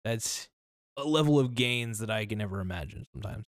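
A man with a lowish voice rambles through a solo podcast monologue, loose and profane, often restarting his sentences. His voice sounds a little worn, as if he is losing it. The sound is dry and close, with no room echo. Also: animated, a little fast. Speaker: podcast host.

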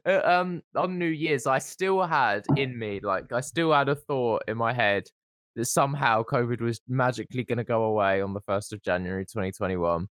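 A young man co-hosting a podcast, chatting sarcastically and now and then breaking into loud whoops. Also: medium pitch, moderate pace, dry recording, studio quality. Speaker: podcast co-host. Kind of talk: casual comedic chat. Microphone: podcast mic.

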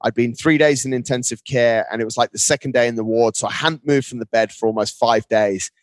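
A man, a podcast guest, telling a personal story in casual conversation. He talks in an animated way and keeps saying "mate.". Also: mid-range voice, a little fast, dry recording. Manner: animated, often says "mate".

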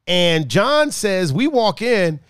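A man's voice: high voice, very animated, takes it slowly, clear, resonant tone, no echo, studio quality. A young man casually telling a story about a friend, laughing often, swearing and acting out the others' lines.

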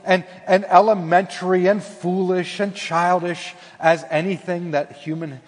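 Impassioned preaching man with husky voice. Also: sits high, flat delivery, measured pace. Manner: preaching with wide swings from loud pleading to hushed. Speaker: pastor. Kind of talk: sermon. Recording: long hall reverb.

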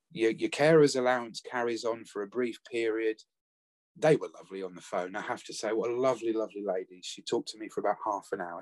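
A man, talking earnestly and haltingly about caring for his late spouse in a conversational interview. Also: mid-range voice, a little mellow, no echo. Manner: earnest, reflective, halting with restarts. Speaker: bereaved former family carer, guest.

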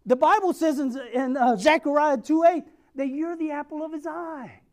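Brief: male preacher, high voice, sermon that tells a story and presses a repeated question. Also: normal speed, a little mellow. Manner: repeats a rhetorical refrain and calls for amens; tells a Bible story with acted-out quotes.

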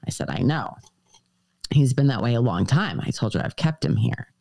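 A woman's voice: a bass voice, sing-song, normal speed, vocal fry, mellow, dry recording. A woman guest on a podcast, earnestly recounting a personal story and quoting dialogue in shifting voices. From United States.

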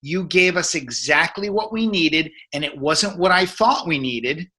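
A man's voice: on the high side, animated, measured pace, sharp tone, husky. A man in his fifties, a men's coach, telling a story in casual conversation, rambling with many fillers and restarts.

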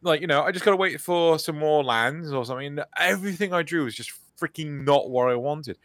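A man co-hosting a casual podcast chat, telling stories with lively energy and acting out quotes. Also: on the high side, fairly quick, dry recording, clean studio sound. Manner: animated storyteller, acts out quotes. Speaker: podcast co-host.

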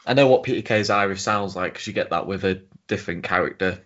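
Low-voiced man, relaxed. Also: fast talker, dull audio. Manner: relaxed, hesitant, laughing along. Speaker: podcast co-host. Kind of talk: casual recap chat.

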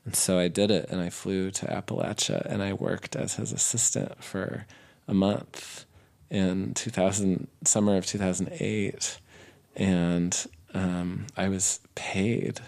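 A man's voice: deep voice, level tone, a little slow, gravelly, darkish tone. A man as an interview guest, telling a long personal story in a casual, rambling way with lots of fillers and restarts. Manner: rambling, many fillers and restarts, laughs easily.

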